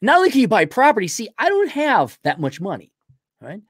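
A man's voice: high-pitched, wildly swooping pitch, brisk, fairly bright tone, slightly rough, no room sound, studio quality. A man giving a blunt, rambling, opinionated monologue in casual chat, acting out little dialogues with himself.

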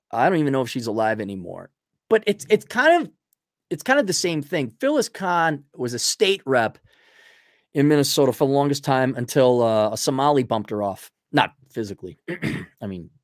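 Ranting, profane man with a lively voice. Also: fairly high pitch, no echo, studio quality. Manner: profane, heated, halting restarts. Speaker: host answering viewer questions. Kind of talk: ranting commentary.

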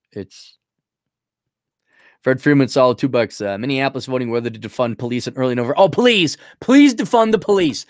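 A man's voice: mid-range voice, no room sound, clean studio sound. A man hosting a casual livestream, reading viewer donations aloud and riffing on them with sarcasm. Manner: sarcastic, rambling. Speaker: stream host reading donations.

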